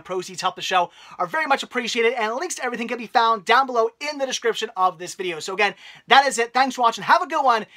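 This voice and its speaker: A man hosting his own channel in a casual, excitable home vlog, gushing with lots of filler words. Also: very high-pitched. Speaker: channel host.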